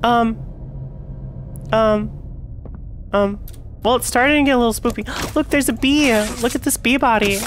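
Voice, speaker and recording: A young woman streaming a horror game, chatting to her viewers and swearing and yelling when the game frustrates her. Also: on the high side, unhurried, pauses often, a little hiss or hum. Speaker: VTuber streamer. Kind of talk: casual gameplay commentary.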